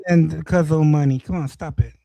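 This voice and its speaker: A man's voice: fairly high pitch, steady tone, normal speed, creaky, a crowd in the background. A man hosting a livestream, chatting loosely and swearing, laughing through his stories. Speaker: livestream host. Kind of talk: casual stream chat.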